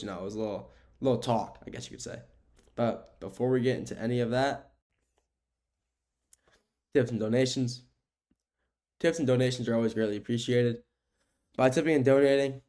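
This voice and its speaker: Rambling young man hosting a sports podcast. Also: mid-range voice. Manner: rambling, repeats himself, many fillers and restarts; grows excited when talking about the game. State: sleepy, keeps yawning. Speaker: podcast host. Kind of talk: casual sports podcast monologue.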